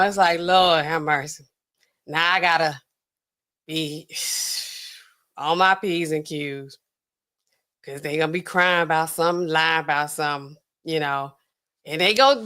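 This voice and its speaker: A woman hosts her show in loose, rambling commentary with a mid-range voice. She talks in a chatty, colloquial way and laughs often. Her volume swings between loud bursts and quiet asides. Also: mid-range voice.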